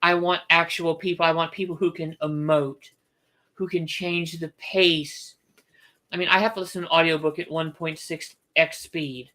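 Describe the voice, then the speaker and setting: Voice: medium pitch, little pitch movement, normal speed, bright, forceful tone. An author hosting a casual book livestream, thinking aloud with restarts and firm opinions.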